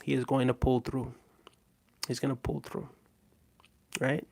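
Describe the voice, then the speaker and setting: A man's voice: medium pitch, flat delivery, a little slow, gravelly, a little mellow. Laid-back man chatting with his viewers. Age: adult with a daughter. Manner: laid-back, chats to viewers, often tags "right?". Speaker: livestream host reading viewer comments. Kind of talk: casual livestream chat.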